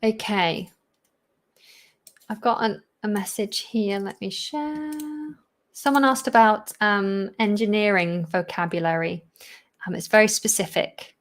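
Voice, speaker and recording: A woman, an English teacher, hosting a live question-and-answer stream, reading viewer questions and answering them with fillers and quick asides. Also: medium pitch. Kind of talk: live-stream Q&A, chatty and unscripted.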